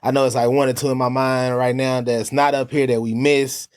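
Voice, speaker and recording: A relaxed man hosts a casual studio chat with a group of guests around the table. His voice sits in a middle range, and he talks loosely, with friendly filler phrases. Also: medium pitch, fairly quick, clean tone. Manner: laid-back, laughing, lots of "you know what I'm saying". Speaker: talk show host.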